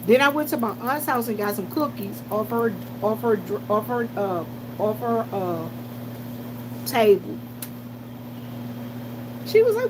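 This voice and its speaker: A woman talks casually to her viewers, telling stories and greeting commenters by name. Her voice sits slightly high. A steady hum of background noise runs under her. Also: fairly quick. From South Carolina. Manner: chatty storytelling, greets commenters. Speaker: vlogger working a gas station shift.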